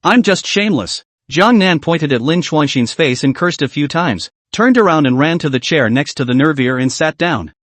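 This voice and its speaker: A man's voice: a little high, normal speed, hardly any pauses, fairly bright tone, no room sound. A man narrating a recap story in a scripted storytelling style, slipping into the characters' quoted lines.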